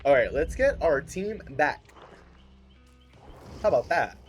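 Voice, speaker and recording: Excitable, high-voiced male streamer. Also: slow, soft background music. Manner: excitable, cheers and laughs often. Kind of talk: casual gaming livestream chat.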